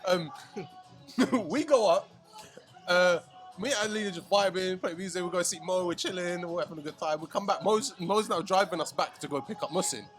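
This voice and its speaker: A young man, telling a night-out story in casual podcast chat, animated, slangy and swearing. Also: high voice, fairly quick. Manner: animated, swearing, slangy, acts out friends' lines. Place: shisha lounge. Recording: music playing behind.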